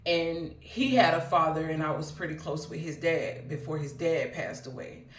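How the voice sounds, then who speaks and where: A woman's voice: low voice, moderate pace. Woman rambling through her own story, earnest, lots of ums, echoey room, mic kinda far away. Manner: rambling, earnest, many fillers and asides. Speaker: vlogger. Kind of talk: casual personal storytelling. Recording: roomy, mic at a distance.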